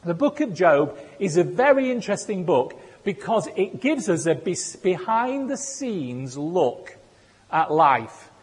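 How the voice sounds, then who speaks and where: A man's voice: sits high, sing-song, a little slow, breathy edge. A man giving a sermon in a conversational way, with self-deprecating humor. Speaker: preacher. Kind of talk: sermon with personal stories. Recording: echoey hall.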